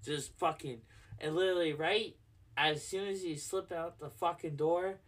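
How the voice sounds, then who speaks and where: A man's voice: a little high, normal speed, a bit bright, recorded from a distance. A man co-hosting a casual podcast, telling a bar story in a rambling, profane way full of "like". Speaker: podcast co-host, bar bouncer.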